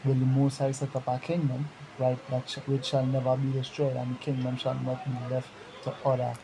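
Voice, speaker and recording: A man's voice: medium pitch, completely flat delivery, brisk, gravelly, background noise. A man leading a bible study discussion, reading scripture aloud and asking rhetorical questions.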